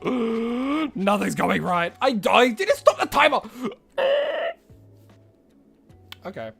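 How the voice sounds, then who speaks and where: A high-pitched man chats casually on a live stream while playing a game, rambling and exclaiming to himself. His voice swings widely up and down, yet he talks at an unhurried pace. Faint game music plays behind him. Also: big pitch swings, creaky, fairly bright tone, breathy edge.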